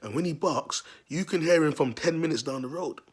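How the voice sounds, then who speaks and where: A man's voice: on the high side, a little fast, husky. A man telling a long story to his viewers in street slang, repeating himself and calling out to them as people. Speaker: self-styled prophet vlogger. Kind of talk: rambling storytelling monologue.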